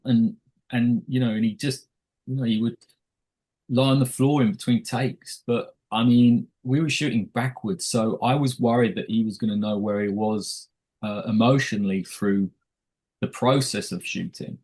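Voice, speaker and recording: A middle-aged man talks at an ordinary pitch in a loose, rambling way. He keeps restarting his sentences and acts out short quoted asides as he tells behind-the-scenes stories in an interview. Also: measured pace, mellow, husky, low-quality recording. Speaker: film director. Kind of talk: casual interview chat.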